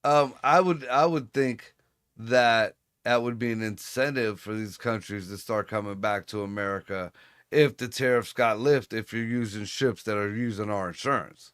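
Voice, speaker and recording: A man co-hosting a casual livestream chat, talking in a profane, joking and animated way. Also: lowish voice, normal speed, clear, resonant tone. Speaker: co-host.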